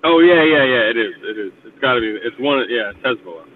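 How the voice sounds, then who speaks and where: A man's voice: medium pitch, lively intonation, fast. A man chatting casually on a group call, rambling and swearing freely in a laid-back way. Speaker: podcast co-host. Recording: tinny phone-like line with faint hiss.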